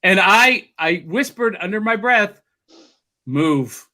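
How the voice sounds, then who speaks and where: A man hosting a casual podcast chat, telling stories in an animated way. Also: sits high, measured pace. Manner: animated storyteller. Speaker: podcast host.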